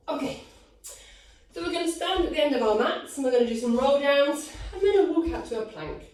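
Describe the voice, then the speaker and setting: Winded pilates teacher on a video call, counting and cueing from across a very echoey room. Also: female voice, sits high, lively intonation, fairly quick, darkish tone. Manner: counts reps aloud, upbeat encouraging cues. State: out of breath. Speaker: pilates instructor. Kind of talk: live online fitness class cueing. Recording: echoey room, distant from mic.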